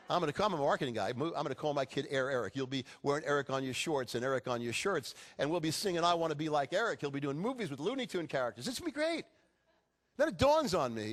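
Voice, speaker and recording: A middle-aged man giving a motivational speech to a live audience, telling stories with jokes. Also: high-pitched. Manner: animated storytelling with jokes. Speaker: keynote speaker.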